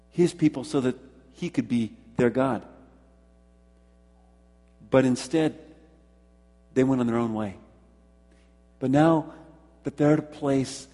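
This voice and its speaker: A long reverb fills the hall as a pastor gives his sermon, his voice husky and mellow and pitched a little high. He emphasizes ideas through repetition and addresses direct questions to the congregation.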